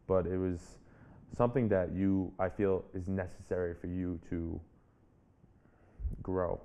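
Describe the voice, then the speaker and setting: Speaking a little slowly in a low, steady, dark voice, this twenties-aged interview guest, a public speaker and author, reflects earnestly on a personal story and keeps restarting phrases. A faint hiss or hum is audible.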